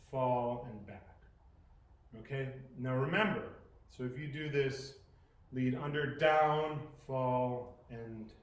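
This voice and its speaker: A man instructing a beginner poi class, thinking aloud as he demonstrates and correcting himself as he goes. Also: on the high side. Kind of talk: live class teaching. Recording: roomy echoing sound.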